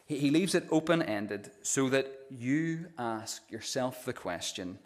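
A man's voice: mid-range voice, expressive, a little slow, few pauses. Earnest male pastor preaching, stammering restarts. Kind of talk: sermon.

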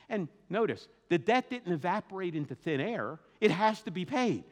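A man preaching a sermon as a pastor, in a conversational, animated way with asides. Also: sits high, normal speed, hardly any pauses, big-room sound. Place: church sanctuary.

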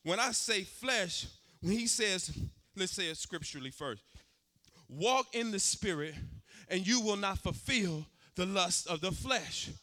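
High, bright sing-song preacher man. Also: animated, a little slow. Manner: sing-song preaching cadence, swelling louder on key points. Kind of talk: sermon.

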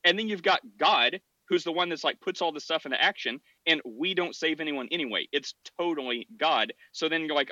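Animated, stammering man hosting a podcast. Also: a little high, brisk, hardly any pauses, no echo, highs cut off. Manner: animated, stammering restarts, frequent laughs. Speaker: podcast host. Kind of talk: casual debate chat.

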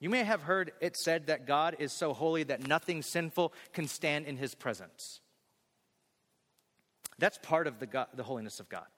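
A male pastor delivering a sermon emphatically, repeating key phrases and slowing on scripture. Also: a little high, lively intonation, a bit bright. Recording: long hall reverb.

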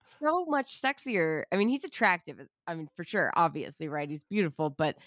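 Animated woman co-host, lively swearing chat. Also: lowish voice, moderate pace, no echo, clean studio sound. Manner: animated, swearing, laughing often. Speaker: podcast co-host. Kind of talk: casual chat.

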